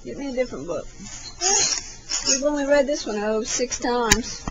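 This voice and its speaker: A woman's voice: fairly high pitch, lively intonation, moderate pace, heavy background noise. A mother in her thirties plays with her toddler at home, reading a picture book in a playful sing-song voice with animal noises and laughter, recorded on a camcorder. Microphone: built-in camcorder mic.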